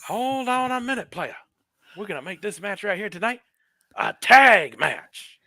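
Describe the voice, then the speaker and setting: A man's voice: sits high, sing-song, measured pace, creaky, bright, forceful tone, no room sound, studio quality, pitched above the performer's own voice, heavily acted. A man putting on the voice of a swaggering wrestling general manager who drawls and calls people "player". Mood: commanding.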